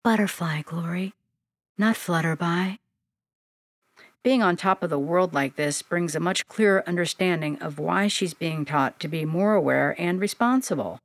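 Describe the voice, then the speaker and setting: A low-voiced woman narrating a story. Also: moderate pace, few pauses, dry recording, studio quality. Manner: gentle, descriptive storyteller.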